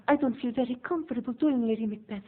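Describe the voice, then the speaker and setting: Guy putting on a squeaky timid teen girl, meek little understudy, way up high, tinny sound. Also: fast. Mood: anxious. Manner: meek, hesitant, whimpering. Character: timid nineteen-year-old female understudy singer. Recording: tinny lo-fi recording.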